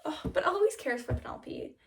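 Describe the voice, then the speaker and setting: A young woman vlogger chatting casually and gushing about a show, with lots of fillers and quick laughs. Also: high voice, wildly swooping pitch, vocal fry, fairly bright tone, recorded from a distance, slight background noise. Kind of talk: casual chat.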